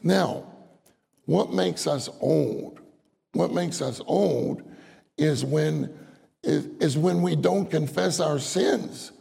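A man's voice: on the high side, slow pace, vocal fry, mellow, slightly rough. A man preaching a sermon, citing verses and repeating phrases, rising into earnest, pleading prayer. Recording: long hall reverb.

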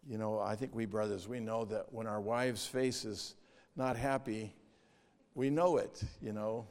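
A man preaching a sermon in a measured way, reading scripture and outline points and growing emphatic as he goes. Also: fairly low pitch, steady tone, darkish tone. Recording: long reverb of a hall.

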